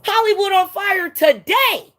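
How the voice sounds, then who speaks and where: A woman giving a heated, profane monologue rant, swinging between loud outbursts and low muttering. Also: measured pace. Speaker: vlogger.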